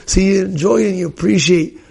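A man teaching as a rabbi in a lively Torah class, repeating his points and acting out the people in his stories. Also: high voice, a little fast, vocal fry, slightly rough. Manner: animated, repeats phrases, acts out quoted people.

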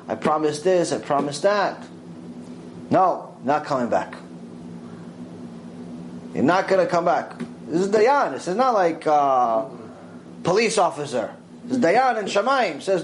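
Animated man giving a Torah lecture. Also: slow, pauses often, a little hiss or hum, low-quality recording. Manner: animated storytelling, acts out quoted voices with big pitch swings. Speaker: Torah teacher. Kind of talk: mussar lecture.

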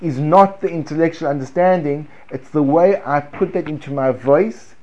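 A man leads a Torah class in a lively, animated way. His voice sits a little high for a man, and he drops from loud emphasis to near hushed tones. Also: normal speed, highs cut off. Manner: animated, chants prayer words with swings from loud to hushed. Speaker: Torah teacher.

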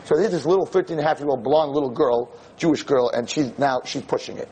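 A male rabbi giving a storytelling lecture, animated and acting out the voices in his tale. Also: medium pitch, quick pace, slightly rough.

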